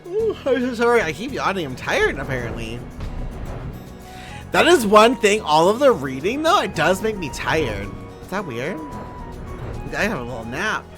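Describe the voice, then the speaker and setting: A woman's voice: medium pitch, very animated, normal speed, music in the background. Bubbly, playful young woman streamer. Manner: playful, bubbly, giggly, swearing. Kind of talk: casual live-stream chat while gaming.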